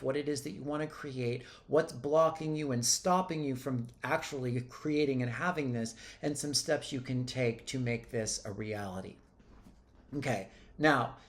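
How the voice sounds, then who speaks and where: A man in his thirties, a life coach talking to camera in a blunt, emphatic way and swearing freely. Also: on the high side. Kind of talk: casual monologue to camera.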